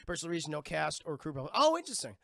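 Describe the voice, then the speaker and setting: A man's voice: a little high, sing-song, rapid-fire, gravelly, sharp tone, dry recording, clean studio sound. A man streaming a casual, profane, rambling movie recap to his chat.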